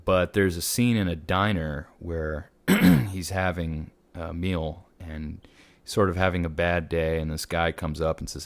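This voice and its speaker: A man's voice: low-pitched, fairly even intonation, measured pace. A man hosting a film review, talking casually and rambling with many fillers and restarts.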